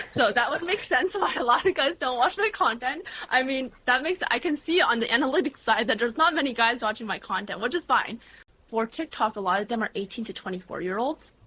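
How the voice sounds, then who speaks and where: A woman in her twenties, a guest creator, chatting casually in an interview with lively storytelling and lots of fillers. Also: a little high, brisk, slightly rough. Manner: bubbly, animated storytelling with frequent "like" and laughs.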